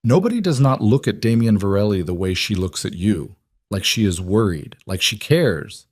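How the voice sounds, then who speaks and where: A man's voice: on the low side, animated, moderate pace, darkish tone, breathy edge, no room sound, clean studio sound. A man voicing a cold Russian crime boss. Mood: cold, menacing. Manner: clipped broken-English threats.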